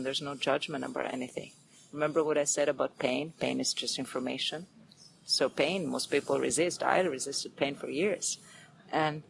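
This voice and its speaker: Woman, fairly low voice, earnest spiritual guest, animated, whispered asides, faint background hum. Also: gravelly, low-quality recording. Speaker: podcast guest. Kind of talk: spiritual interview talk.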